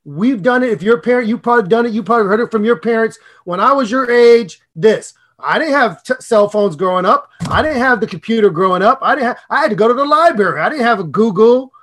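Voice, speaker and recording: A middle-aged man co-hosting a podcast on public speaking, talking in an excitable, animated way with big jumps in pitch and loudness. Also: quick pace, few pauses. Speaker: podcast co-host and speaking coach.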